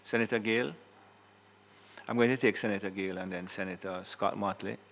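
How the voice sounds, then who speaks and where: A man presiding over a legislative chamber, speaking in a very low, gravelly voice. His delivery stays flat and even as he gives a formal tribute. He is measured and correct, catching and fixing his own small slips. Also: slight background noise, rough recording. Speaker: Senate president.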